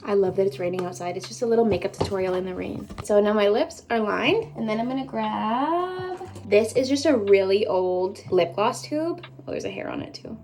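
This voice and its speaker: With lively intonation, a moderate pace, and few pauses, a Canadian beauty vlogger in her twenties chats through her makeup routine in a get-ready-with-me video. Her medium-pitched voice is a little mellow, and she's bubbly, with plenty of rambling asides.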